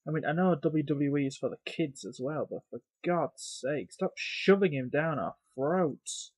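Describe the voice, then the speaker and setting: A frustrated man vents in a fed-up, cursing rant, sighing heavily as he goes. His voice sits a little high for a man. It is recorded close and dry, with almost no room sound. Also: lively intonation, unhurried, no echo. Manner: exasperated, sighing, profane; loud and emphatic at first, then grumbling and lower. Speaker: wrestling reviewer. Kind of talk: ranting video review.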